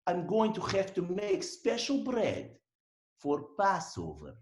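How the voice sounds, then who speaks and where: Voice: medium pitch, wildly swooping pitch, slow pace, a little mellow. A teacher voicing a scheming villainous man who plots with poison bread, in a children's story. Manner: gloating, plotting. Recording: roomy echo.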